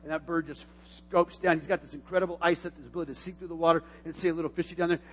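A middle-aged man preaching from the pulpit in a high, ringing voice, carried by a long church-hall reverb. He drops to near-whispered asides, then bursts out loud. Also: racing, slightly rough. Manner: animated preaching, swinging from quiet asides to loud exclamations. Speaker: pastor. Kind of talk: sermon. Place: church sanctuary.

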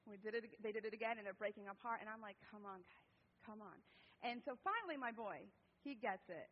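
A woman in her thirties giving a sermon, telling a family story in an animated way, then reading scripture. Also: on the high side, fast. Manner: animated storytelling, with lively quoted voices and laughter. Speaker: preacher. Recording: dull recording with long hall reverb.

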